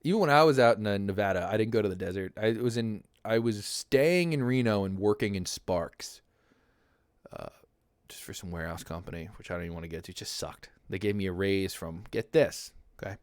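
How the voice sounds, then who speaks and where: A man's voice: lowish voice, brisk, dry recording, clean studio sound. A man ranting casually on a livestream, rambling and swearing, laughing often and answering his chat. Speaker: streamer reading chat.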